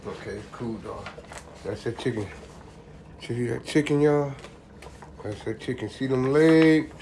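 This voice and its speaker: In his home kitchen, a laid-back man vlogs his home cooking and addresses viewers as "y'all." He speaks at medium pitch without hurry, gravelly yet a little mellow. The room sounds spacious, with faint ambience and slight background noise.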